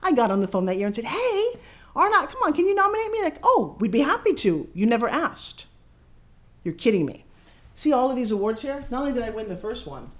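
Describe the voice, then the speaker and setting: Showy, excitable woman giving a tour. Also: medium pitch. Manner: excitable, showy, talks to the camera. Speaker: TV pitch host giving a studio tour. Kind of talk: casual walking tour talk. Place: her own studio and offices, indoors.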